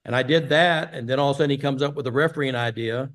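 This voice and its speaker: A man's voice: mid-range voice, rapid-fire, a bit bright. Older man, from Texas, interview guest, rambling anecdotes, lots of ums. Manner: rambling storyteller with many fillers. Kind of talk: casual storytelling interview.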